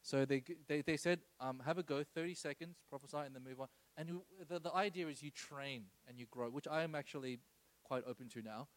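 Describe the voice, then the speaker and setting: A man's voice: mid-range voice, a little fast, rough recording. A man preaching an informal sermon, telling a personal story with many asides and tag questions like "okay?".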